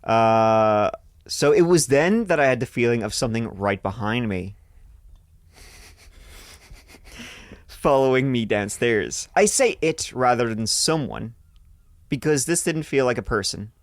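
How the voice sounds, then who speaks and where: A man's voice: medium pitch, animated, a little slow, long pauses, dry recording, clean studio sound. A man hosting a podcast, reading a listener's ghost story aloud in a casual way, swearing freely and joking between lines. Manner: swears freely, breaks off to joke mid-story.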